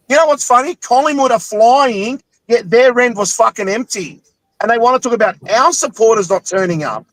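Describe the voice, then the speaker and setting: A man's voice: extremely high pitch, normal speed, fairly bright tone, no echo, rough recording. A young Australian man with a football podcast, in a heated, sweary rant about his club after a loss. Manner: angry, sweary, ranting. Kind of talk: heated post-game rant.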